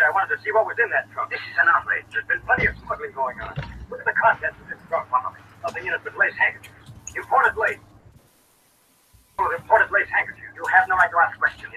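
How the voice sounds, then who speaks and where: A man acting in a 1940s radio drama, playing snappy reporters and gruff officials. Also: a little high, sharp tone, slight background noise, exaggerated voice, poor audio. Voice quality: snappy, old-time radio delivery. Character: fast-talking newspaper reporters and gruff officials.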